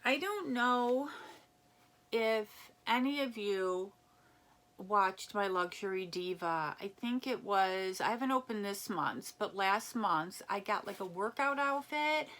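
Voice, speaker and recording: A woman chatting casually as she unboxes a gift package, reading labels aloud and reacting with excitement. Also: medium pitch, slow pace. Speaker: unboxing vlogger. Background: crinkling packaging.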